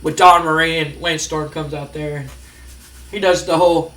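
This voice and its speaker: A man narrating his wrestling management game, excitedly acting out the wrestlers' lines and reacting to results. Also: on the high side, normal speed. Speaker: gaming video host. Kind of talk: narrating a wrestling sim playthrough.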